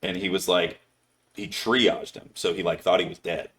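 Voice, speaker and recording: A man's voice: deep voice, steady tone, moderate pace, a bit bright. A man hosting a podcast, telling a long story in casual chat, swearing a lot and filling his talk with "like". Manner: rambling, heavy swearing, many "like" fillers. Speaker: podcast host.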